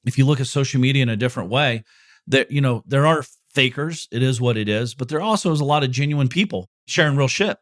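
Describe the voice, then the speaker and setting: A man's voice: medium pitch, quick pace, no echo, studio quality. Blunt, swearing man hosting a podcast. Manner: blunt and profane, swearing freely; candid, openly emotional about personal matters. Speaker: podcast host answering listener questions. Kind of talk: casual motivational monologue.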